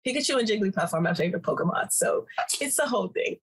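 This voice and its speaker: A woman's voice: mid-range voice, expressive, fast, background noise. A woman from the Washington DC area co-hosting a podcast in casual chat, playful and laughing often. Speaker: podcast co-host.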